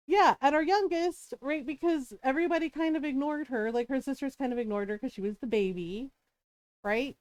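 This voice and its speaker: A woman's voice: high-pitched, a little mellow, no room sound. A middle-aged woman telling stories from home in a casual chat on her stream, laughing often and checking in with "right?". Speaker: streamer and mother.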